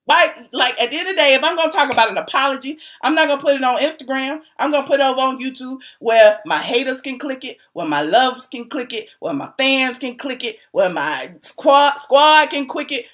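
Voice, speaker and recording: A woman hosting a gossip commentary channel, talking to her viewers in a sassy, animated, teasing way and laughing often. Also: sits high, fairly quick, few pauses. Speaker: YouTube commentary host.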